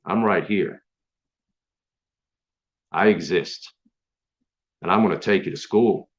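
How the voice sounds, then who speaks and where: A man's voice: deep voice, takes it slowly. A man hosting his own stream, delivering an angry, profane, confrontational rant straight at his critics. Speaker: online stream host. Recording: dull lo-fi sound.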